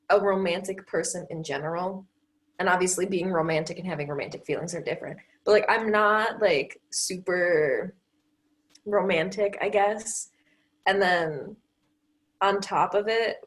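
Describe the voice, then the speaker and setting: A young woman co-hosting a podcast in casual chat, candid and wry about her own feelings. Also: medium pitch. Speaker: podcast co-host.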